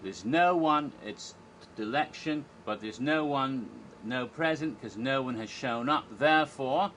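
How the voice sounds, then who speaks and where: In an unhurried, fairly bright mid-range voice, a man who chronicles theme park events recalls a live show, rambling eagerly and often restarting or using fillers. A little hiss or hum sits under the recording.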